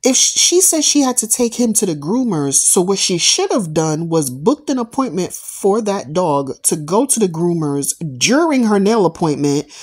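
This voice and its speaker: A woman's voice: lowish voice, big pitch swings, moderate pace, hardly any pauses, darkish tone, breathy edge. A woman hosting a reaction video, giving emphatic, opinionated commentary on a story she has just watched. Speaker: reaction channel host.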